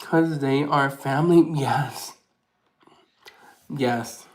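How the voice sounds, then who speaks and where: A man's voice: medium pitch, drawn-out words, slight background noise, low-quality recording. Rambling, sentimental man chatting to camera. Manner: rambling, with many restarts and fillers, softly sentimental. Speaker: vlogger. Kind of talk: casual chat to camera.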